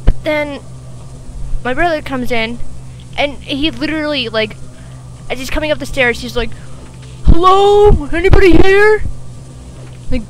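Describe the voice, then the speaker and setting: A woman with a fairly high voice chats over a video game she is playing. She rambles through an exasperated story, leaning on lots of fillers. Steady loud noise runs under her voice. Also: normal speed, pauses often. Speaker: let's play gamer. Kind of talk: casual chat over gameplay.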